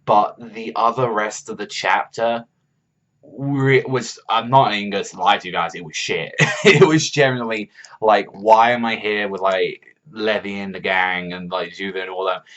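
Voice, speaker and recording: A man's voice: lowish voice, normal speed, a bit bright. A man giving a casual, rambling review, swearing heavily and leaning on filler words. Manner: profane, rambling, heavy use of filler words. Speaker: manga reviewer. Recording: dull lo-fi recording.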